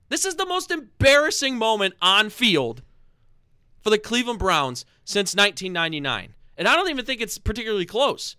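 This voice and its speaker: A man ranting angrily about his football team on a podcast, loud and swearing, repeating himself. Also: high-pitched, smooth, no echo, clean studio sound. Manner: angry, loud, swearing, fast repeated phrases. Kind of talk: heated sports fan rant.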